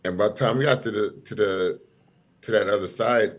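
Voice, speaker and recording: Low-voiced man, slangy and loose. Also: a little fast. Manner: slangy, laughing, jumps in. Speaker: guest. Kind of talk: casual podcast chat.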